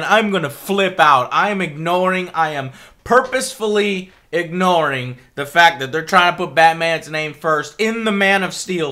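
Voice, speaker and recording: A man's voice: high-pitched, sharp tone. A man ranting to camera in an exasperated, heavily profane vlog, repeating himself as he works through his complaints. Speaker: vlogger. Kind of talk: angry rant to camera.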